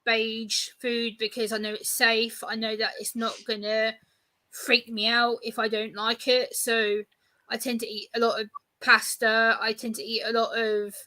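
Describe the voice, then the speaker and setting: Woman in her thirties, interview guest, bright voice, slightly high, lively storytelling. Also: a little slow. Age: 30s. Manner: animated storyteller, acts out exchanges. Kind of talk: casual interview chat.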